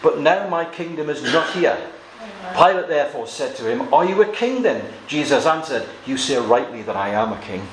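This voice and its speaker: A man's voice: a little high, very animated, moderate pace, a crowd in the background. A man preaching an expository sermon, reading scripture aloud and explaining it verse by verse. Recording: echoey room with faint noise.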